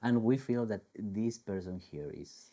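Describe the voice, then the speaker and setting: A man chatting casually as a guest, laid-back and quick to laugh. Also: lowish voice, expressive, dark tone. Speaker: guest video editor. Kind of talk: casual chat.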